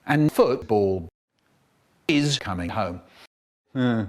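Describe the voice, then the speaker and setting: A man in his seventies, or an AI clone of one, talking in a choppy, spliced comedy collage with sudden jumps in pitch and loudness. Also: sing-song, slow pace, long pauses. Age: 70s. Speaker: impression of a famous storyteller. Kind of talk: comedic sentence-mixed collage.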